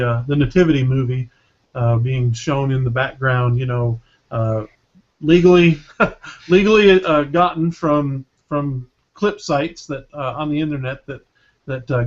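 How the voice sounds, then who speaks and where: A man with a mid-range voice hosts a casual panel, pausing often with fillers and restarting his sentences. His audio comes through a dull, lo-fi call. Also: mid-range voice. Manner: hesitant, many fillers, friendly moderating. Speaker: podcast host. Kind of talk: casual chat.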